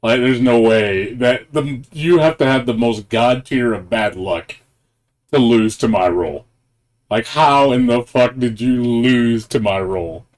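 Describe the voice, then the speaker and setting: This game streamer, a man with a medium-pitched voice, speaks slowly as he chats casually on a live stream. He swears a lot, laughs, and rambles through his thoughts.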